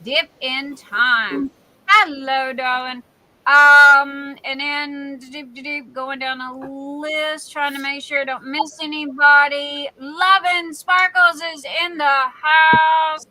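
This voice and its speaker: Woman, Southern accent, high voice, bright tone, chatty live-stream host, warm greetings to viewers. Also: flat delivery, slow pace, dry recording, poor audio. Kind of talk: casual live-stream chat.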